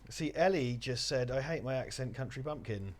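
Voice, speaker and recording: A man's voice: medium pitch, lively intonation, normal speed. An English man from England hosting a livestream, blunt, sweary and enthusiastic in casual chat.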